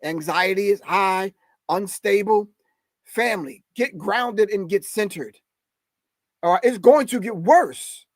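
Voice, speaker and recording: A man's voice: sits high, slow pace, dry recording. A middle-aged man hosting a live stream, giving emphatic, preachy commentary and calling his audience family. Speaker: host.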